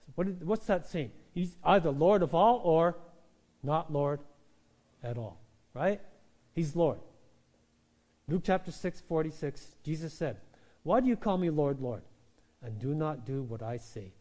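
A man preaching a sermon in a church, animated and conversational, rising to loud emphatic peaks and dropping to quiet asides, often checking in with "right?". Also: a little high, unhurried, pauses often. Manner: conversational, asks the congregation "right?". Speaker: pastor.

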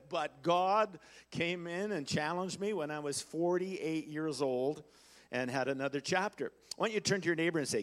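Older Canadian man preaching with folksy energy. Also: a little high. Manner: folksy storytelling, rising to loud exhortation. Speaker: guest preacher and missionary. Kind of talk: sermon.

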